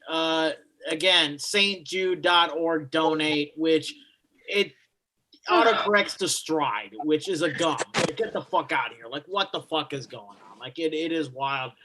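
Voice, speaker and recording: Male emcee, bright voice pitched a bit high, hyped energy, crude banter. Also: unhurried. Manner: hyped, swearing, hollered catchphrases. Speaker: host of the comedy benefit. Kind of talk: emceeing a virtual comedy show.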